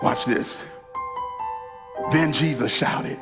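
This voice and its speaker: A man preaching an energetic sermon at a church service. He shouts, stretches his words for emphasis and speaks straight to the congregation. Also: mid-range voice, very slow, over loud music. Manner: addresses the congregation directly. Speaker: pastor.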